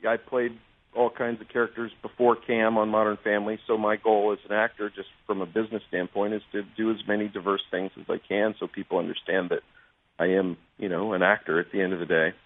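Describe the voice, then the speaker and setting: A man's voice: on the low side, little pitch movement, fast talker. A man calling into a radio show as a guest actor, chatting casually and laughing easily. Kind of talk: casual phone interview. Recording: tinny phone line.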